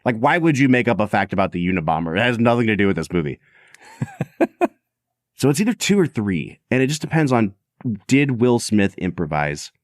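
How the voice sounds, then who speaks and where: Man, podcast co-host, lively swooping pitch, jokey, laughs a lot, dry close mic. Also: brisk, dry recording. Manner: animated, jokey, laughs often. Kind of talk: casual podcast chat.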